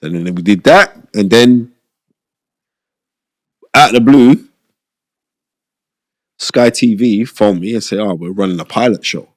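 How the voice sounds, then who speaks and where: A middle-aged man, telling stories as an interview guest in an animated, emphatic way and repeating phrases for stress. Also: lowish voice, measured pace, long pauses, dry recording, studio quality. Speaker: guest, boxing pundit and former TV host. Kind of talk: casual interview storytelling.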